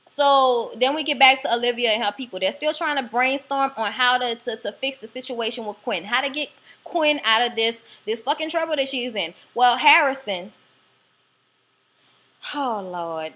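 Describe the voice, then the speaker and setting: Cursing New Orleans woman ranting recap. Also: sits high. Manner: profane, animated, chatty. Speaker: TV episode reviewer.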